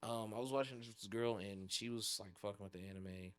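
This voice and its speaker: A man's voice: lowish voice, brisk, a bit bright. A man co-hosting a podcast, chatting in a laid-back, rambling way with loose slang. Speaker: podcast co-host. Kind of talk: casual chat about anime and games.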